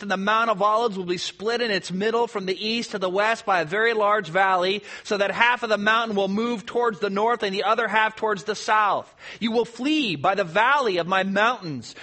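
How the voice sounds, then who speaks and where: A man's voice: sits high, sharp tone. A man preaching a sermon to his congregation, conversational, posing rhetorical questions and answering them. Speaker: pastor.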